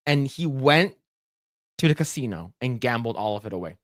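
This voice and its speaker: A podcast co-host tells a rambling gaming story in casual chat, full of fillers and frequent laughter. His voice is medium-pitched and animated at a normal speed. The studio-quality recording has no room sound.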